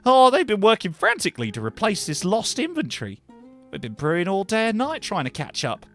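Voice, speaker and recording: A man voicing a weary, polite woman mage and potion brewer in a higher put-on voice with a questionable accent, chatty and dry. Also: wildly swooping pitch, brisk, fairly bright tone, soft background music, exaggerated voice. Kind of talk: voicing characters in a cozy narrative game.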